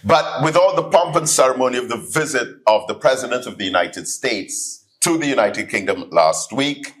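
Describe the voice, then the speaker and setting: A man giving a sermon-style keynote address in a hall, telling stories with lively acted-out voices. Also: medium pitch, normal speed. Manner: animated storytelling, acts out voices in anecdotes. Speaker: keynote speaker, student minister. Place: hall, live audience.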